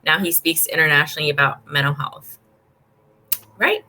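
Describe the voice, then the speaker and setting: A woman's voice: low voice, normal speed, bright, forceful tone, poor audio. A woman hosting a casual video-call interview, chatty and upbeat, laughing often. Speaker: podcast host.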